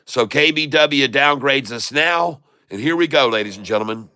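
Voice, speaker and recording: A man's voice: medium pitch, normal speed, bright, forceful tone, smooth, dry recording. A man hosting a casual live stock video, folksy and muttering to himself as he works his computer. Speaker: stock market video host.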